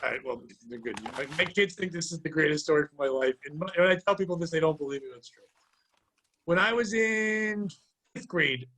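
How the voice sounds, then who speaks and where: A man's voice: a little high, a little fast. A middle-aged man from Connecticut, a podcast host, telling a rambling, profane childhood story in casual chat. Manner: rambling, profane, animated retelling.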